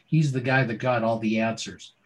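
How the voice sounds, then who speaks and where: A middle-aged man with a voice of medium pitch shares a personal story as an interview guest. He builds it dramatically and keeps turning to the host with rhetorical questions. He sounds like a practiced public speaker. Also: fairly even intonation, moderate pace, low-quality recording. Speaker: guest, former doctor turned speaker.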